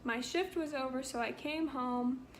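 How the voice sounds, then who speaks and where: Young woman vlogger, high voice, slow unhurried delivery, earnest and heartfelt storytelling. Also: noisy background. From Canada. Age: young adult. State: pregnant. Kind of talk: story time vlog.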